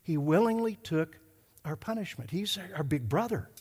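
A middle-aged male pastor telling a story in a sermon, emphatic and slowing down to stress his points. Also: a little high, animated, darkish tone, husky. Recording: hall reverb.

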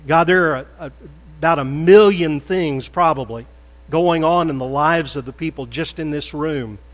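Older pastor preaching with emphatic swells. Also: male voice, on the high side, moderate pace, big-room sound, poor audio. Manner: emphatic, swings between loud stresses and soft prayer. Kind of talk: sermon with closing prayer. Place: church sanctuary.

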